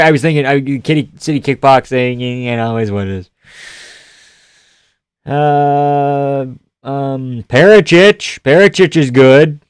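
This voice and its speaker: A man on a live stream reacts to fights, easygoing and full of swearing as he argues with chat. His voice sits at an ordinary pitch and sounds close and dry, with no room around it. At big moments he bursts into loud, excited shouting. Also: clear, resonant tone, dry recording. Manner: casual, profane, answers chat, yells at big moments.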